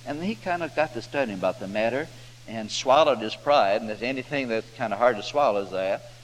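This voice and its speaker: A man's voice: medium pitch, expressive, a little fast. A man preaches in a folksy, homespun manner, acting out the figures of a Bible story as he tells it. His voice rings in a reverberant hall, with a faint hum underneath. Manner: folksy drawling preacher who acts out the characters' voices.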